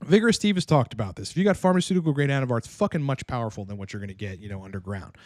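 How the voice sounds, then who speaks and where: A young man answers viewer questions in a loose, rambling way, restarting sentences and cursing freely. His voice sits at an ordinary middle pitch. The sound is dry and close, with little room echo. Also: lively intonation, rapid-fire, darkish tone. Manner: blunt and profane, rambling with restarts. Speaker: coach. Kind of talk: casual Q&A monologue.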